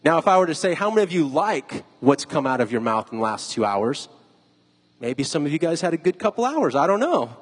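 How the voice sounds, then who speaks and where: A man's voice: on the high side, sing-song, brisk, slightly rough, in a large hall. A pastor giving a conversational sermon, putting questions to his listeners. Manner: conversational, asks the audience questions.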